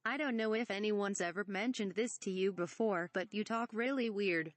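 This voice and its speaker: Brief: woman playing a sardonic young knight, teasing, mid pitch, dry. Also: moderate pace, no echo, natural voice. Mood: mocking. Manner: wry, mocking. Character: mocking young male knight.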